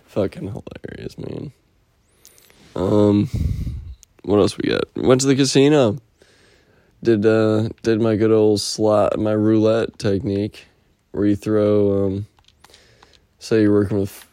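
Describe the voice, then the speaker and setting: A man's voice: on the low side, fairly even intonation, takes it slowly, long pauses, warm tone, no echo. A man rambling through a casual, profane weekly update, telling stories and slipping into impressions. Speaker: podcast host.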